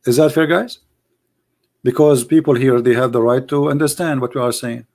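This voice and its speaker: Hoarse, mocking male debate host. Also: medium pitch, fairly even intonation, moderate pace, a little mellow. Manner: mocking, combative, repeats phrases for emphasis. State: losing his voice, coughing. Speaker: host of a live call-in debate stream. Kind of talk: live call-in debate, addressing callers and viewers.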